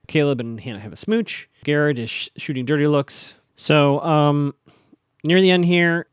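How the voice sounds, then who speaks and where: A man hosting a solo podcast, chatting casually through an episode recap, theorizing and quickly acting out characters' lines. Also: on the high side, clean tone, no echo, clean studio sound.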